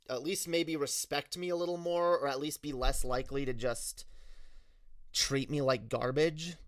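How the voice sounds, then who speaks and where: Smooth-voiced man telling a frank story. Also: mid-range voice, dry recording, clean studio sound. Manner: frank and profane, with frequent restarts. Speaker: streamer. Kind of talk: casual personal storytelling on a livestream.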